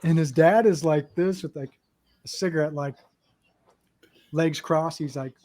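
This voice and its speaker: A man hosting a podcast, telling a war story in a lively, profane way and acting out the people he quotes. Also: on the high side, unhurried, no echo. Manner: animated, profane, acts out quotes. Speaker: podcast host, Marine veteran. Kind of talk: casual storytelling.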